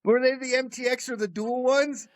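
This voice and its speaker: Male co-host, high voice, casual, short reactive interjections. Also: steady tone, moderate pace, no echo. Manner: short reactions and follow-up questions. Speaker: podcast co-host. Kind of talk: casual chat.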